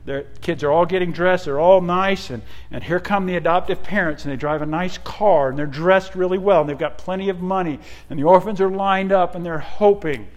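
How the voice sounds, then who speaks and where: A middle-aged male pastor delivering a sermon, his voice sitting a touch higher than most men's. He drops into quiet, stretched-out asides, then rises into loud, emphatic preaching. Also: a little fast, hardly any pauses, highs cut off.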